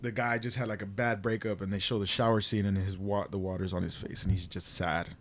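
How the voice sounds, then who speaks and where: A man's voice: lowish voice, fairly quick, slight background noise. A young man co-hosting a casual podcast, telling stories animatedly and cursing often. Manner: profane, animated storytelling with acted quotes. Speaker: podcast co-host.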